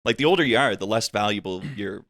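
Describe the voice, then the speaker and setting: A man in his thirties from Nova Scotia with a faded Nova Scotian accent, chatting casually on a podcast, animated and swearing freely. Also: on the low side, quick pace, no echo. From Nova Scotia, Canada. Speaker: podcast co-host, business owner. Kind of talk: casual chat.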